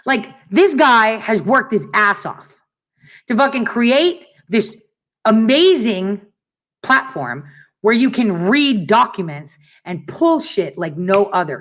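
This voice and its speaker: A woman hosting a casual commentary show, talking in a profane, sarcastic, animated rant. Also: fairly high pitch, unhurried. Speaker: show host.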